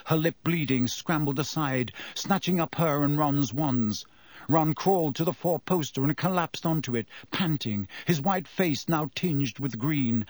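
A man reading a story aloud in measured scripted narration. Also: on the high side, dry recording. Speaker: audiobook narrator.

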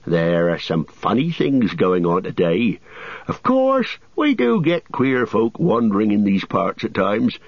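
Hearty rustic hobbit farmer, loud and swooping; male reader doing the voice, husky tone. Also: lowish voice, huge pitch swings, a little slow, no echo, lo-fi sound, heavily acted. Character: gruff country hobbit farmer, suspicious then hearty.

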